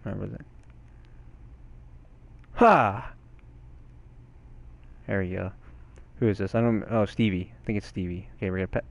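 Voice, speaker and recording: A young man giving excitable gameplay commentary, swearing and yelling at the game. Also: on the low side, unhurried, gravelly, pauses often. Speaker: gaming channel host.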